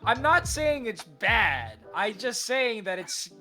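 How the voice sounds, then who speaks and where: A woman's voice: a little high, big pitch swings, slow pace, over music. A woman joking and teasing playfully in a casual panel chat.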